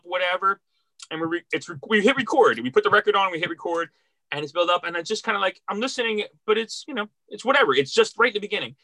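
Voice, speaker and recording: A man's voice: a little high, sharp tone, no room sound. A middle-aged man from Philadelphia, a record store worker, tells stories in a rambling, heartfelt way with many restarts. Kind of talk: casual interview storytelling.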